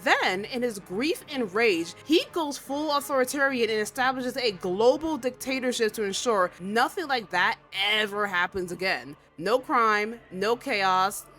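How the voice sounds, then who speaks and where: Sassy animated woman commentator. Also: a little high, a little slow, few pauses, soft background music. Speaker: video essay host. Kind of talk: casual comedic commentary.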